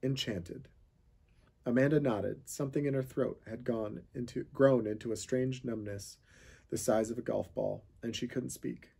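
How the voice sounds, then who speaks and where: A man reading a children's chapter book aloud, with steady storytelling narration. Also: medium pitch, normal speed, vocal fry, husky. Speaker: reader of a children's novel.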